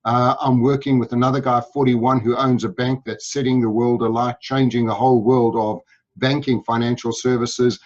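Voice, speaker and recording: A man's voice: medium pitch, flat delivery, normal speed, dull audio. A man with a South African accent, telling stories with upbeat enthusiasm as a guest in an interview. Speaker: guest sales speaker.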